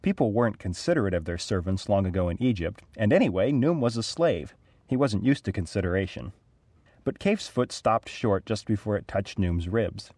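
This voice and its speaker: A man reads a storybook aloud in a fairly low voice. His delivery is clear and even. The recording is dry and close. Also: no echo. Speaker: narrator.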